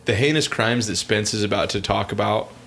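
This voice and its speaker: A man co-hosting a podcast, chatting in a playful way and jumping in quickly. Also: fairly low pitch, creaky, noisy background. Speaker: podcast co-host. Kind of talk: casual podcast chat.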